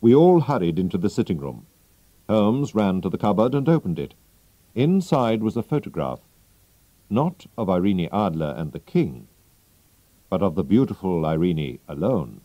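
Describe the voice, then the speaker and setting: Male narrator, slow and measured, dark warm tone, lively pitch, dry close mic. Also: no room sound, lo-fi sound. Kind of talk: slow scripted story narration for English learners.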